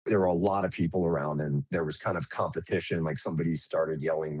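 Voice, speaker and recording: A man who is a nurse, recounting an emergency as an interview guest in a halting way, with many fillers and restarts. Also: very deep voice, steady tone, darkish tone, dry recording.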